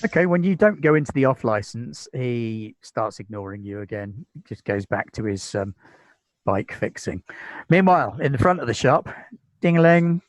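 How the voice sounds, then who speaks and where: A man's voice: mid-range voice, expressive, normal speed, no echo, rough recording. A British man narrating as game master of a tabletop game, describing scenes in an easygoing way with many fillers.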